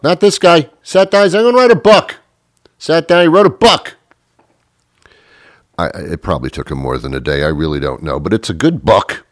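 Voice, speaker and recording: A male radio host with a fairly low voice delivers a comedic talk radio monologue, rambling, stammering, and mocking himself. The recording is dry with a clean studio sound.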